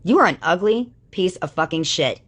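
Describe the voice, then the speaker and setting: A woman's voice: fairly low pitch, lively intonation, normal speed, a bit bright, husky. A woman on a livestream delivering an angry, profanity-laden rant that calls people out. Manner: furious, swearing constantly, calling people out.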